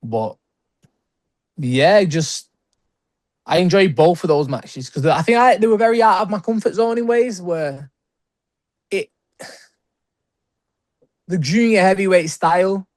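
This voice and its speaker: A young British man talks through his stories in a loose, rambling way, leaning on "like" and quick laughs. His voice sits a little high for a man, and the recording is close and dry with no room sound. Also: animated, no room sound. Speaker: guest wrestler. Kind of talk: casual interview chat.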